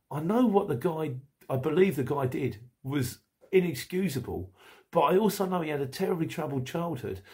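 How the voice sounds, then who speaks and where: Slightly high and a little mellow, the voice belongs to a middle-aged podcast host who reads out messages from listeners. His talk is casual and meandering, with frequent laughter.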